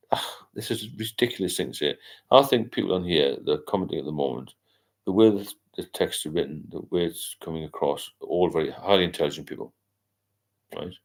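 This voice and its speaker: An older man, hosting a casual late-night livestream and rambling as he reads out viewer comments. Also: sits low. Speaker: livestream host.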